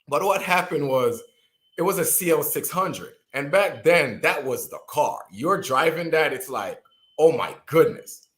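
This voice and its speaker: A man in his thirties, from Jamaica, telling a personal story as a guest speaker, with lively delivery and frequent restarts. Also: a little high, a little slow. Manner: animated storyteller, acts out quoted voices, frequent restarts.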